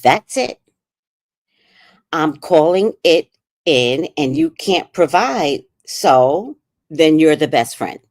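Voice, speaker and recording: A woman's voice: deep voice, takes it slowly, long pauses, no room sound, clean studio sound. A middle-aged woman casually telling a personal story as a podcast host, laughing and quoting others in put-on voices. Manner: animated, laughing, quotes people in put-on voices.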